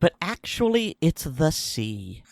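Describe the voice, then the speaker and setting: A man's voice: on the high side, fairly bright tone, no room sound, studio quality. A man co-hosting a casual podcast chat, teasing and telling jokes. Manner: teasing, joking. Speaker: podcast co-host.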